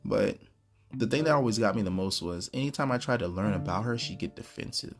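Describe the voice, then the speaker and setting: A man's voice: on the low side, brisk. A man hosting a podcast, talking casually in a blunt, profane rant. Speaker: podcast host. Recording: guitar music playing clearly behind.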